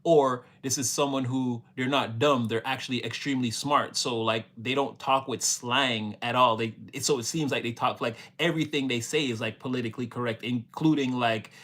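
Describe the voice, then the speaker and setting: A man's voice: mid-range voice, steady tone, normal speed, hardly any pauses, a bit bright. A man giving a casual, rambling tarot reading, full of fillers, laughs and playful quoted voices. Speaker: tarot reader.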